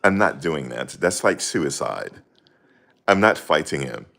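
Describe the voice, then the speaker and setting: A man's voice: very deep voice, lively intonation, unhurried, creaky, a bit bright, heavily acted. A man imitating a very proper, formal-talking boxer in a stiff, prim way. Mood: prim refusal.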